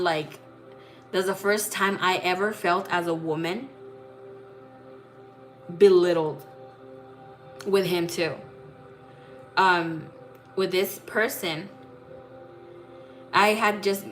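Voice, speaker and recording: A low-voiced woman reads tarot as a psychic and tells a personal story casually. She is blunt and swears freely, with many fillers and restarts. Faint music runs underneath. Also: a bit bright. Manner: blunt, profane, full of fillers.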